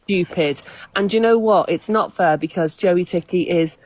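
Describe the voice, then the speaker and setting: A woman's voice: on the low side, normal speed, a little mellow, no room sound. A woman guest on a live stream, talking bluntly and indignantly, swearing as she defends a friend. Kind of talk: casual gossip chat.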